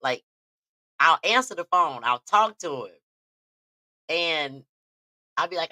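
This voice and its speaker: A woman's voice: low-pitched, measured pace, long pauses, pushed and bright, no room sound. A woman hosting a casual talk show, telling stories with lots of animation and frequent laughter, talking straight to her listeners. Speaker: podcast host. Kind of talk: casual storytelling chat.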